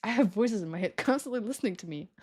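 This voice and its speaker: A woman's voice: medium pitch, expressive, fast talker, darkish tone, husky. A young woman streaming, chatting casually to her viewers, self-mocking and laughing often as she acts out conversations.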